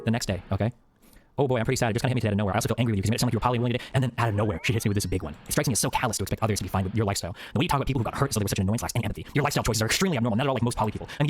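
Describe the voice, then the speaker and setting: A man streaming live, talking in a rambling, profane way and often tagging "okay?" onto his sentences. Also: on the low side. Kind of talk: casual live-stream monologue.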